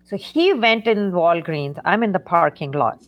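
Middle-aged woman sharing a hard personal story in an interview, kinda low voice, lots of ums and restarts. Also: animated. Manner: halting, with frequent fillers and restarts. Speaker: interview guest. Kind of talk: emotional personal story in conversation.

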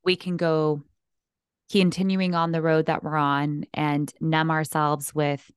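A woman's voice: deep voice, level tone, takes it slowly, clear, resonant tone, no echo, studio quality. A woman podcast host responding to her guest with empathy and reflection in casual conversation. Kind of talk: casual interview chat.

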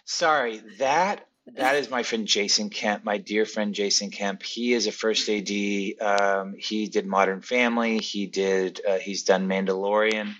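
A man's voice: lowish voice, steady tone, unhurried, hardly any pauses, a bit bright, highs cut off. A man who works as an assistant director, telling stories eagerly and animatedly as a guest in a casual interview.

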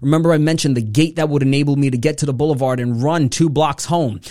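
A man hosting a motivational podcast, telling a personal story with intensity, his voice swinging between hushed and loud. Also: fairly high pitch, fast talker, no echo, studio quality.

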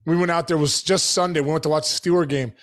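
A male co-host with a slightly raised pitch, chatting loosely on a podcast. He strings stories together with lots of "dude" and "like". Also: steady tone, racing. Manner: rambling storyteller, says dude a lot. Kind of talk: casual sports podcast banter.

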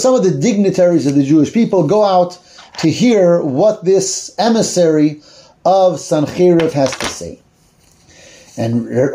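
A man with a high, soft-toned voice teaches a class by retelling a Bible story. He talks it through casually, searching aloud for the right word now and then, warm and unhurried in tone.

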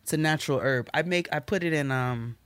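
A woman co-hosting a podcast in casual chat, playful and quick to laugh. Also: sits low, clear, resonant tone, no room sound. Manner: playful, laughs often, drawls out fun words. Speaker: podcast co-host.

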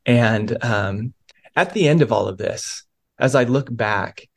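A man's voice: medium pitch, slow pace. Earnest pastor sharing his faith story. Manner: earnest, many small restarts. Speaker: pastor and guest. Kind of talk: reflective faith testimony.

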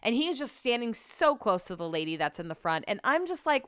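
A young woman chats through a travel story on her podcast in a loose, animated way, peppering her sentences with "like" and the odd swear word. Her voice is smooth and clean, recorded close in a dead, dry space. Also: mid-range voice, moderate pace, dry recording. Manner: chatty, lots of "like", swears casually, animated retelling. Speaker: podcast host. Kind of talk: casual storytelling chat.

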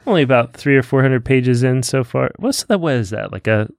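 A man trading dry jokes with his co-hosts on a book podcast. His voice sits in a middle pitch and is recorded close and dry. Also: expressive, a little fast, vocal fry, no echo. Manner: wry, playful teasing. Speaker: podcast co-host. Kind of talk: casual chat.

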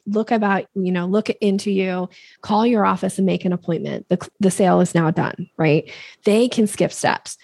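Husky gravelly woman, lively coach. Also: no echo, clean studio sound. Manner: animated, acts out quoted voices with big pitch jumps. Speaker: sales coach guest. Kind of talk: podcast interview talk.

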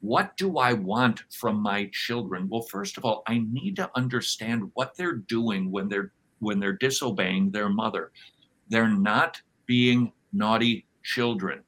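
A man's voice: on the low side, measured pace, fairly bright tone, poor audio. A man guest on a podcast, speaking emphatically in a sermon-like conversational way and acting out quoted voices. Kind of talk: conversational interview, sermon-like teaching.

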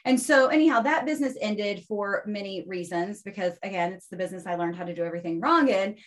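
A woman's voice: medium pitch, quick pace. Chatty woman telling her story. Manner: animated storyteller, often tags "right?". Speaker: podcast guest. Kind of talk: casual interview chat.

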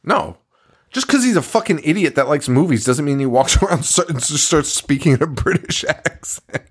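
Male podcast co-host, lively swooping delivery, frequent laughter, profane casual chat. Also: a little high, normal speed, breathy edge.

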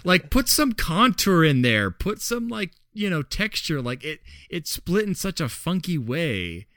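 A man's voice: fairly high pitch, sing-song, a little slow, bright, forceful tone, dry recording, clean studio sound. A man co-hosting a podcast in casual chat. He laughs often and fills his talk with "uh" and "like". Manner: chatty, laughs often, many fillers. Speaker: podcast co-host.

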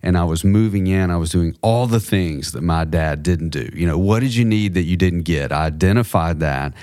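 A man's voice: low voice, moderate pace, darkish tone, no echo, clean studio sound. A man co-hosting a faith-based podcast, talking reflectively and telling personal stories with light humor. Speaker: podcast co-host.

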